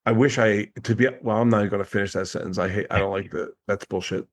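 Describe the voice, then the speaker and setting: A man's voice: lowish voice, fast talker. A man speaking as a guest coach in a casual podcast conversation, telling stories with lots of laughter and little impressions of people. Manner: animated storyteller, laughs often, mimics people.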